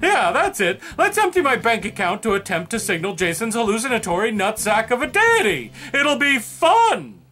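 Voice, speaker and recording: Casting: a man as a high, sharp-voiced puppet host, sarcastic and frazzled, in a comedy sketch with faint music behind. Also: sing-song, a little fast, hardly any pauses, exaggerated voice. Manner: dry, sarcastic, reading listener suggestions. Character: exasperated male puppet segment host. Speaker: segment host.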